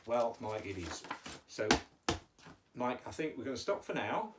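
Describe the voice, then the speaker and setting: A man's voice: medium pitch, big pitch swings, unhurried, distant mic, heavy background noise. A man hosting a playful children's lesson on shapes, patient and teacherly with exaggerated emphasis. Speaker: children's educational host. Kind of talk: playful kids' lesson with puppets.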